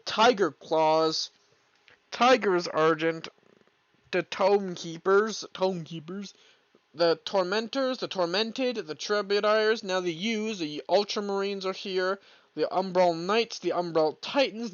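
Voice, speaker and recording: A young man hosts a solo stream from his room, cursing freely as he rambles. His voice sits high, and the recording is dull and lo-fi. The sound is dry, with no room echo. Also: smooth. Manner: profane, rambling, bursts into exasperated yelling. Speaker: podcast host. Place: home room, alone. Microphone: streaming mic, leaning back from it.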